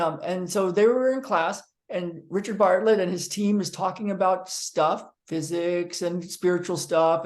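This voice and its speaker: A man who works as a physical therapist, telling a story to his viewers in an animated way, with frequent ums and restarts. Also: sits high. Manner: animated storyteller, acting out quotes.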